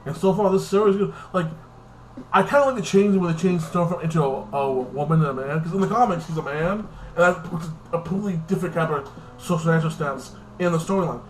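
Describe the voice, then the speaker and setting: A young man with a slightly higher-than-average voice rambles through a casual TV episode recap, packing his talk with fillers and profanity. A faint hiss of background noise sits under the recording. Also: brisk, low-quality recording. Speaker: TV episode reviewer.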